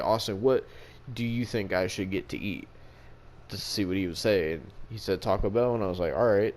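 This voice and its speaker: A man co-hosting a casual podcast, telling a rambling story full of profanity. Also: fairly low pitch. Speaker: podcast co-host.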